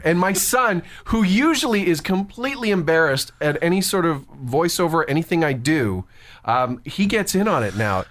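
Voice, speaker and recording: A man's voice: a little high, expressive, fairly bright tone. A man, co-hosting a voice-over podcast in a chatty, storytelling way. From Canada. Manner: chatty storyteller, quick bursts, laughs easily. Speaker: podcast co-host, voice actor. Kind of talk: casual chat.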